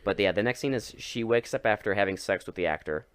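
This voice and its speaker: A man's voice: fairly low pitch, fast talker, dry recording, clean studio sound. A man co-hosting a podcast, recapping a film casually, swearing and acting out lines. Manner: animated, swearing, acts out characters' lines. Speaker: podcast co-host.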